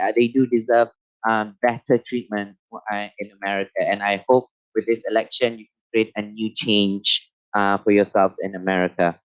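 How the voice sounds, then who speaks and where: Halting Malaysian man hosting a talk show. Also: mid-range voice, no echo. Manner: halting, fills pauses with uh and um, repeats phrases. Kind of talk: live online talk show monologue. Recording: muffled lo-fi dry sound.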